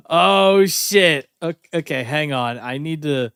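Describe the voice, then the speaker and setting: Giggly streamer with a smooth, dry voice. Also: male voice, fairly high pitch, expressive, slow pace, a bit bright, no room sound. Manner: giggly, breaks into laughter, thinks aloud. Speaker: streamer reacting to music. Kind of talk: casual reaction chat.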